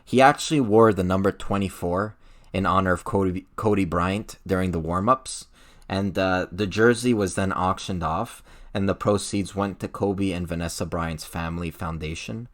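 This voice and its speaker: A young adult man with a low voice talks at a moderate pace while hosting a hockey podcast. The chat is casual, laid-back and hesitant, packed with fillers.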